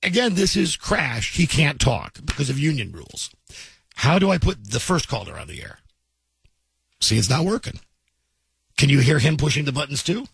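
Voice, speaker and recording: A man's voice: fairly high pitch, big pitch swings, moderate pace, gravelly, long pauses, a bit bright, husky, dry recording. A man hosting a morning radio show, teasing his callers with wisecracks. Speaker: radio host. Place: radio studio.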